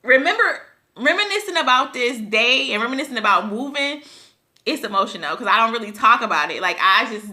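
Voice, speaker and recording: A woman's voice: a little high, animated, a little fast, sharp tone. A woman vlogger telling a personal story, tearful and rambling, laughing through her tears.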